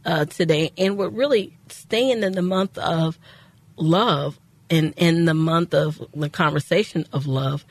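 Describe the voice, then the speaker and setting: A woman co-hosting a faith-based radio talk show, speaking in a measured, affirming, preacherly way. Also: deep voice, dry recording.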